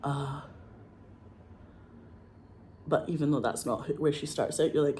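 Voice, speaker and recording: A woman's voice: sits low, a little slow, a little hiss or hum. Scottish actress chatting away, gushy and sweary, bit of a frog in her throat. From Scotland. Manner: excitable, gushing, swears freely, many "like"s. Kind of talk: casual monologue.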